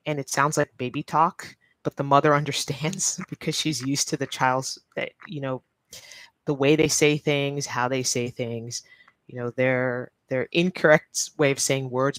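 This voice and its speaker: A woman's voice: very deep voice, fairly bright tone, dry recording. A woman English teacher from New York with a neutral accent, speaking patiently in a live-stream lesson and repeating key points. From New York, United States.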